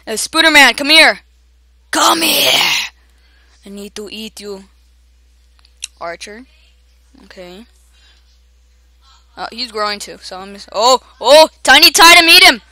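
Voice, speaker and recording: A young woman giving excited gameplay commentary, often shouting at other players and laughing. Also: medium pitch, slow, long pauses. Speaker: gamer.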